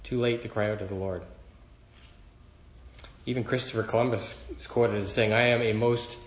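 A man's voice: lowish voice, fairly even intonation, normal speed, reverberant, lo-fi sound. A man preaching a sermon to a congregation, earnest and building emphasis as he quotes scripture. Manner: earnest, rising in emphasis when quoting scripture.

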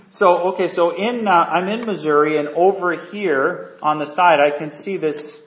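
A man's voice: fairly high pitch, a little slow, a bit bright. A man preaching a sermon in a casual, conversational way, telling a story and often asking the listeners questions. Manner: conversational, asks the audience questions, many fillers. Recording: echoey room, dull lo-fi sound.

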